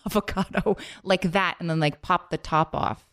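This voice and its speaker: Woman cohost talking fast n emphatic, lotsa "like", lowish voice. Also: fairly even intonation, fairly bright tone. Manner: quick, emphatic, peppered with "like". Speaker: podcast co-host. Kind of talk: casual podcast chat.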